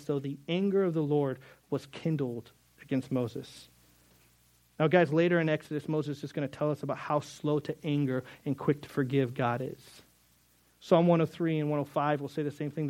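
A man's voice: fairly high pitch, a little mellow. A man preaching a sermon as pastor, earnest, often repeating words and acting out short bits of dialogue.

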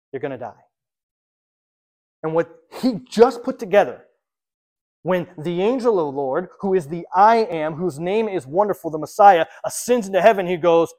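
Animated male preacher. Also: high-pitched, normal speed. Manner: emphatic, animated storytelling with swings in loudness. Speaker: pastor. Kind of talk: sermon.

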